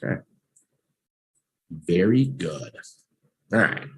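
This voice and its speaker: A man leads a live online vocabulary lesson at an unhurried pace. His fairly low voice swings up and down with animation as he drills each word and has listeners repeat it. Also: slight background noise. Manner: slow and animated, drills words with repeat-after-me prompts. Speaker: English teacher.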